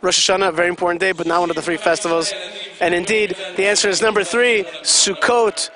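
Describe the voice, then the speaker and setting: A high-voiced man gives chatty live commentary at an event. He keeps explaining what is going on and quizzes his listeners. Vehicle noise can be heard outside behind him. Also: fairly even intonation, quick pace, crowd noise. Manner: chatty, explaining, asks the audience questions.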